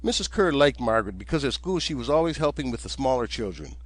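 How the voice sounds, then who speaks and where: A man, the author, narrating his own audiobook in a steady, gentle storytelling manner. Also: mid-range voice, fast, no room sound.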